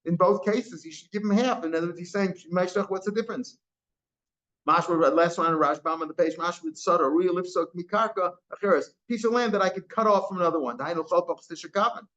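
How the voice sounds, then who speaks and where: In a dull lo-fi recording, a high-voiced man leads a daily Talmud class at a brisk pace with a fairly bright tone. He works through each line, blending English with Aramaic and Hebrew terms, and frequently repeats and restarts phrases.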